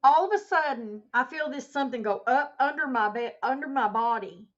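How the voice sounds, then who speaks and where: A woman's voice: high-pitched, a little fast. Chatty woman livestreaming, muffled lo-fi sound. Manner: animated storyteller, reads chat aloud. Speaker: livestream host. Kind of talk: casual livestream chat. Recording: muffled lo-fi stream audio.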